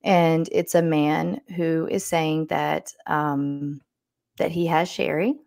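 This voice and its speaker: A woman's voice: sits low, level tone, takes it slowly, vocal fry, a little mellow. A woman hosting a podcast, telling a true-crime story in a casual, meandering way with restarts. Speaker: podcast host.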